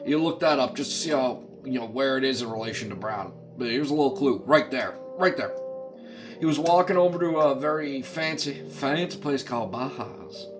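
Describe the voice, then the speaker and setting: A man's voice: medium pitch, moderate pace, over music. A man delivering an angry political rant to camera, profane, impassioned and pleading. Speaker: commentator.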